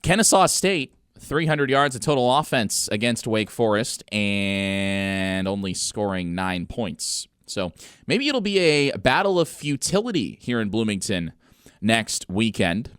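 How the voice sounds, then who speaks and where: Young man, college sports talk radio host, deadpan sarcastic asides, lower voice, dry studio mic. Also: a little slow, clean tone, dry recording.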